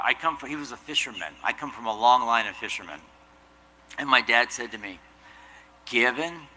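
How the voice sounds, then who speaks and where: A man's voice: medium pitch, pushed and bright, slight background noise, poor audio. A man giving a commencement address, telling an earnest, self-deprecating story. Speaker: commencement speaker. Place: outdoor commencement ceremony.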